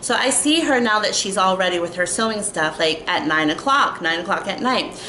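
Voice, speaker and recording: A woman's voice: mid-range voice, lively intonation, normal speed, pushed and bright, slight background noise. A young woman telling an exasperated storytime rant, full of "like" and fillers. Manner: exasperated, filler-heavy with constant "like". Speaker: vlogger. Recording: echoey room with faint ambience.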